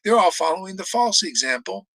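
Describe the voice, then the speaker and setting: A man's voice: sits high, sing-song, a little fast, pushed and bright, no room sound, poor audio. A man preaching a blunt, combative sermon, swearing for emphasis and laughing between remarks. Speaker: spiritual teacher. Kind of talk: ranting sermon.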